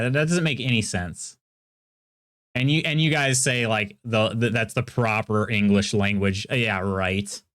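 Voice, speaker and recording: A man's voice: medium pitch, fairly bright tone. A man with a Midwestern American accent, a streamer chatting casually with viewers while playing a game, laughing often as he reacts to their messages.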